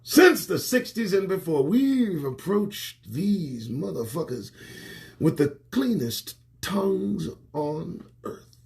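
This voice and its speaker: A man hosting his own livestream show, ranting to camera with lots of swearing, jumping between loud outbursts and muttered asides, recorded indoors on a small home set. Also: sits high, big pitch swings, slow, gravelly. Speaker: host. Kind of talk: profane political rant to camera. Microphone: phone or webcam livestream.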